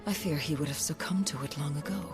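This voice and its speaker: A grave female healer, voiced by a woman with a very low, steady voice. She speaks in a solemn, measured way. Game music sits clearly behind her. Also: natural voice. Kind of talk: video game voice acting. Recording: game audio over music.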